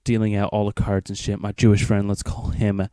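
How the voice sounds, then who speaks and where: Teen vlogger, low mellow voice, rambling profane storyteller, dry close sound. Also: male voice, monotone, brisk, clear, resonant tone, no echo. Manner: rambling, profane, acts out friends' lines. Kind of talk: casual storytelling.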